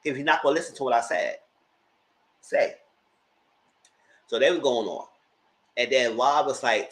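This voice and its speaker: A man giving a casual, animated recap of a reality show, slipping into mock voices as he retells scenes. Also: medium pitch, normal speed, long pauses, poor audio.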